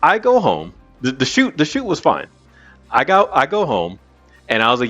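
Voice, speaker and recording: A man hosting a podcast, telling a story in an animated, casual way and swearing freely. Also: medium pitch, moderate pace. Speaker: podcast host. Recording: muffled with faint music.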